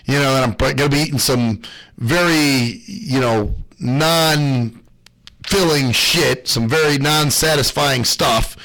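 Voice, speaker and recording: A man's voice: a little slow, low-quality recording. A man hosting his own radio show, talking in a loose, rambling monologue full of swearing and gripes. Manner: profane, ranting, lively swings in pitch.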